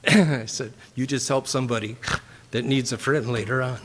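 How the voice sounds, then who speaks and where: A man with a Minnesota accent telling a personal testimony story in a casual, rambling way, with fillers and frequent throat clearing. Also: mid-range voice, fairly even intonation, moderate pace, a little hiss or hum. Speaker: church member giving a testimony. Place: church sanctuary. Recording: long hall reverb.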